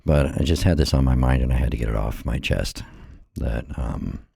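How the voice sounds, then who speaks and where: A man's voice: a bass voice, normal speed, vocal fry, dark tone, slightly rough, dry recording, clean studio sound. A middle-aged American man, a little out of breath, giving an earnest, impassioned personal monologue that repeats phrases for emphasis. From United States. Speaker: vlogger.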